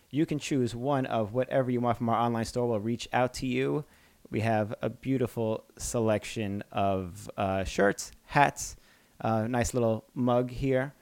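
An easygoing man co-hosts a casual podcast and reads out supporter names in a relaxed way. His voice is smooth and clear at a middle pitch, recorded dry and close to the mic. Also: dry recording. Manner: laughs easily, relaxed reading of shout-outs. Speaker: podcast co-host.

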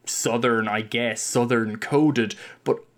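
Brief: man, mid-pitch, casual podcast co-host, digressive and wry. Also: steady tone, slow. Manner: rambling, restarts often, wry. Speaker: podcast co-host, film discussion. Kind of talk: casual chat.

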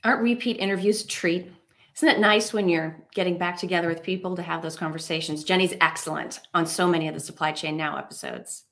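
Woman, livestream co-host, bubbly, articulate, lowish voice. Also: fast talker, fairly bright tone. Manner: bubbly, articulate, laughs readily. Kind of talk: enthusiastic live show commentary.

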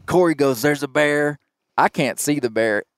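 A man's voice: on the high side, normal speed, no room sound, studio quality. A middle-aged man hosting a podcast, animatedly retelling a story in casual chat. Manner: animated retelling, acts out shouted quotes. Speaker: podcast host.

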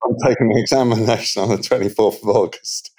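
Low-voiced chatty British man. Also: fairly even intonation, fast, darkish tone. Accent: British English. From England. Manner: chatty, storytelling, uses British slang. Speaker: guest, water treatment expert. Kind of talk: casual interview chat.

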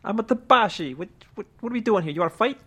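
A woman's voice: mid-range voice, animated, quick pace, a bit bright, breathy edge. A woman playing a tabletop game, talking in a brash, street-tough way. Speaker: player.

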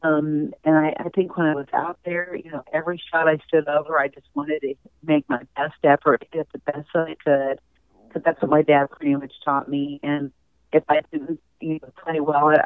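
A woman's voice: deep voice, fairly even intonation, moderate pace, smooth, no echo. A woman guest telling stories in a chatty, conversational way during an interview, laughing easily. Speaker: interview guest, former golf champion. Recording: tinny phone line.

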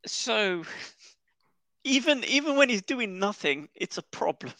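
Podcast guy with a gravelly, bright voice, chatty, keeps chuckling while he tells stories, dry sound. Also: sits high, very animated, takes it slowly, no room sound. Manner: chatty storyteller, chuckles mid-sentence. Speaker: podcast co-host. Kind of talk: casual football podcast chat.

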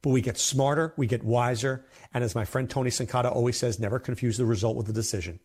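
A man's voice: mid-range voice, steady tone, fast talker, darkish tone, slightly rough. A man hosting a fantasy football show, talking casually and emphatically, often repeating himself for effect. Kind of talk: casual commentary to camera.

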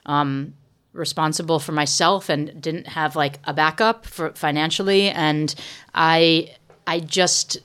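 A woman's voice: low voice, fairly even intonation, takes it slowly, a bit bright, clean tone. A woman in her forties from Connecticut, a chef, talking in a casual interview and often stopping to restart her sentences. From Connecticut, USA. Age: 40s.

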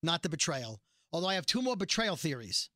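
Here's a brisk, slightly high male voice, recorded dry with clean studio sound. He's a podcast co-host recapping a TV show in casual chat, telling the story with animation and performing quotes from scenes.

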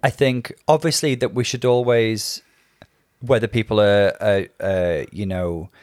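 A man's voice: lowish voice, fairly even intonation, unhurried, no echo, clean studio sound. A man co-hosting a podcast, chatting casually and telling stories with frequent laughs. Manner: chatty, giggly storyteller. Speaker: podcast co-host. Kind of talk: casual chat.

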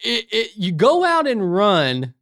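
A man as a guest on a talk show, speaking earnestly with halting restarts and calling others brother. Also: high voice, wildly swooping pitch, a bit bright, no room sound, studio quality. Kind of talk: casual conversation.

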